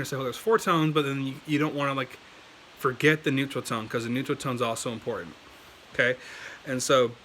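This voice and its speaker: A man's voice: mid-range voice, sharp tone, a little hiss or hum, poor audio. A young American man explaining language tones in a casual, rambling video lesson full of fillers and restarts. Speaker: language learning YouTuber.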